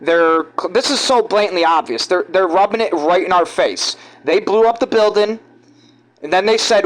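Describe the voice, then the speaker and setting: A man from giving rambling, halting, conspiratorial commentary over video clips. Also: sits high, poor audio. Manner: halting, restarts often, conspiratorial. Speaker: vlogger.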